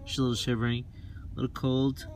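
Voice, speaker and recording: A man's voice: medium pitch, level tone, fast, slight background noise. A man casually livestreaming from inside a parked car, rambling and joking with viewers on his phone. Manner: rambling, jokey, sings snatches of songs. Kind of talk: casual live chat. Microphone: phone held in a car.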